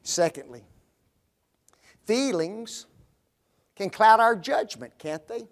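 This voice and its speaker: A male preacher delivering a sermon, using rhetorical questions and dropping into quiet, dramatic pauses. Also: high-pitched, lively intonation.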